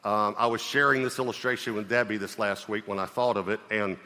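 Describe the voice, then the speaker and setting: A pastor delivering a sermon in an emphatic, conversational way, often checking in with the congregation through questions. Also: male voice, lowish voice, fairly even intonation, brisk, pushed and bright. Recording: long reverb of a large hall.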